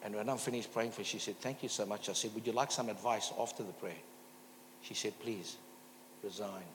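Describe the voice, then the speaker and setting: A man's voice: fairly low pitch, fairly even intonation, a little fast. A man preaching a guest sermon, telling a story and calling the congregation for amens. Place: church hall. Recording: long hall reverb, faint hum.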